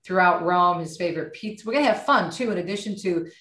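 Middle-aged woman talking faith, lower voice, kind of echoey room, upbeat. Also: fast. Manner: warm, animated and encouraging, speaks of faith. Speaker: radio host and author guest. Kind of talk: casual podcast conversation. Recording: roomy echo.

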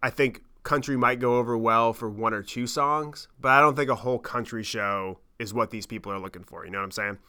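A man in his thirties telling a travel story on his podcast, animated and rambling, with lots of swearing and fillers. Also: medium pitch, fairly quick, hardly any pauses, clear, resonant tone. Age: 30s. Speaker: podcast host. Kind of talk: casual storytelling monologue.

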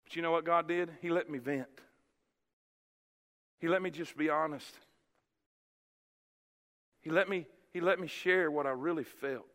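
A man's voice: fairly high pitch, unhurried, long pauses, a bit bright. A man, preaching a sermon as pastor, telling a story emphatically and repeating his words. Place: church sanctuary. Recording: church hall reverb.

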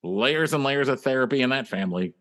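A man's voice: medium pitch, lively intonation, a little fast, fairly bright tone. A man telling a story in a casual comedy podcast, with a dry, self-deprecating delivery.

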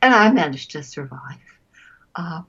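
A woman, a voice actress, telling stories in a casual interview, chatty and quick to laugh, often trailing off mid-sentence. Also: fairly low pitch, very animated, fairly bright tone, dull audio, a little hiss or hum. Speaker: voice actress guest.

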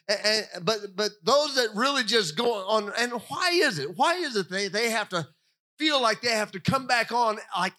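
Older guy pastor, high bright voice, tells stories and does little voices for the people in them. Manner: animated storytelling, acts out quoted voices. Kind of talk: sermon.

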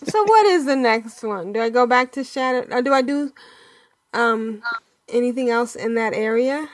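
A woman chatting casually on a gaming podcast, with a voice pitched a little above the usual and a habit of laughing between thoughts. The sound is dry and close, with no room around it. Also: lively intonation, moderate pace, no echo. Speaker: podcast co-host.

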